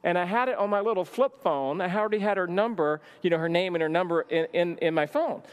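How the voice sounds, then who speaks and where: A man's voice: high voice, fast talker, smooth. A man telling a personal story in a sermon, speaking casually with lots of "like" fillers. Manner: lively storyteller, many "like" fillers. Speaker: church minister teaching a marriage session. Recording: long hall reverb.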